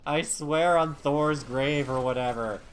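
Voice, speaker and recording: A man's voice: a little high, a little slow, a loud crowd. A man in casual gaming banter with a friend, joking and defensive, laughing often. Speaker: gamer co-streaming.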